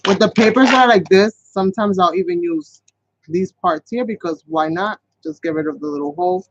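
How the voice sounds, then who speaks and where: Man, craft tutorial host, casual and rambling, talks to viewers, higher voice, dull lo-fi sound. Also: animated, a little fast, vocal fry. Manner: chatty, rambling, talks to viewers as "you guys".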